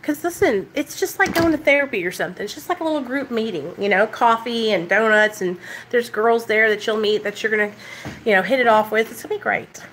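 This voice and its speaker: A young woman chatting loudly and excitedly on a live stream about her recovery, talking straight to her viewers. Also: on the high side, fairly quick, slight background noise. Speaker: recovery vlogger. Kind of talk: casual live-stream chat.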